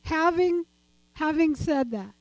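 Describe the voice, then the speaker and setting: A woman's voice: high-pitched, animated, slow, no room sound, low-quality recording. An older woman giving a chatty, rambling church talk and personal testimony, laughing often as she goes.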